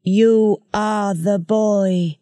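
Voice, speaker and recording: A reader voicing a soft-voiced ancient rat-like alien ruler who speaks slowly and coldly in a storybook audiobook. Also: medium pitch, steady tone, dry recording, voice pushed up. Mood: probing. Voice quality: soft, cottony voice. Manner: slow, measured, menacing.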